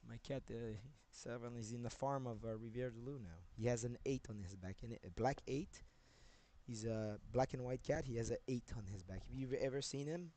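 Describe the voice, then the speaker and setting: Male streamer, rambling casual storyteller who laughs and swears a lot. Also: a little fast. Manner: rambling, repeats himself, laughs often, swears; grows loud and high-pitched when excited.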